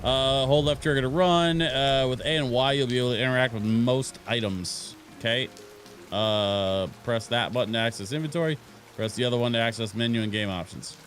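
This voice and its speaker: A man's voice: medium pitch, brisk, a bit bright, faint music behind. A man casually playing a game on stream, reading on-screen text aloud and chatting as he goes.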